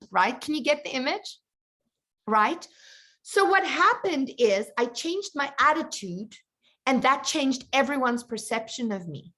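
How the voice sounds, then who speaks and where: A woman coach telling a personal story to her group in a chatty, animated way. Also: high voice, measured pace. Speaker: confidence coach. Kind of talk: storytelling in an online coaching session.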